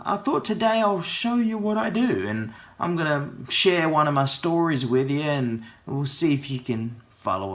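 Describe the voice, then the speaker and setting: A man's voice: mid-range voice, bright, forceful tone. A man with an Australian accent, casually telling a playful story crammed with Aussie slang. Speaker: vlogger.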